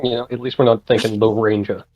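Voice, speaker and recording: A man's voice: on the low side, little pitch movement, fast, dull audio, crowd noise. A man playing in a tabletop game, chatting casually on a stream and rambling as he corrects himself. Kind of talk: casual chat on a live stream.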